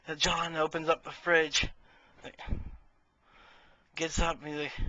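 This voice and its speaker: A man's voice: fairly high pitch, little pitch movement, a little slow, pauses often, pushed and bright, rough recording. A man casually telling jokes in a chatty, self-amused way as a vlogger.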